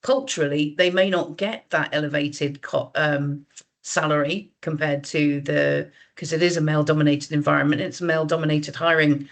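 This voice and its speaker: A woman's voice: deep voice, fairly even intonation, moderate pace. Woman giving a casual webinar talk. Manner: conversational, frequent fillers and restarts. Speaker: guest speaker. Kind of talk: webinar presentation.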